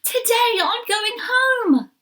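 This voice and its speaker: A woman voicing an eager little male country bunny in a storybook reading, bouncy and high. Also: expressive, moderate pace. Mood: excited.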